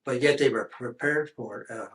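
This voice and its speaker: An older American man talks through his war memories in an oral history interview. His pitch sits in the middle range, and he rambles, circling back and restarting thoughts as he goes. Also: moderate pace, fairly bright tone. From United States. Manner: rambling storytelling with many restarts and fillers. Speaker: veteran interviewee.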